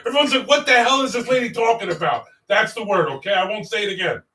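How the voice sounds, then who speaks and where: Guy hosting, jokey and interrupting, high bright voice, echoey far mic. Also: quick pace. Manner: joking, interrupting. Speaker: host. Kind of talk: casual chat. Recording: echoey room, distant mic.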